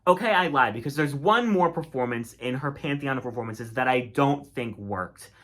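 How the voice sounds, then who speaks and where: A man's voice: mid-range voice, animated, normal speed, a bit bright. A man giving a casual, opinionated critique monologue, chatty and full of filler words. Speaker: drag race commentator.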